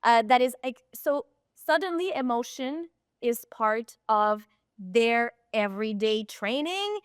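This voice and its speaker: A woman guest on a podcast interview, a performance coach telling animated stories and sometimes searching for words. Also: fairly high pitch, takes it slowly, smooth, no echo, studio quality.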